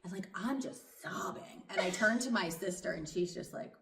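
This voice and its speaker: A woman's voice: mid-range voice, moderate pace, gravelly, reverberant, far from the mic, background noise. A woman therapist, a guest on a podcast, speaking in reassuring, casual conversation and laughing easily. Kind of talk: casual chat.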